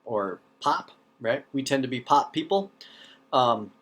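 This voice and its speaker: A middle-aged man with an Upper Midwest accent gives a recorded lecture at an ordinary pitch. His long O's come through as he talks loosely, restarting sentences and tossing in "right?" to keep students with him. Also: expressive, measured pace, fairly bright tone. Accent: Upper Midwest American. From North Central United States. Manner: conversational, frequent "right?" check-ins and restarts. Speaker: teacher.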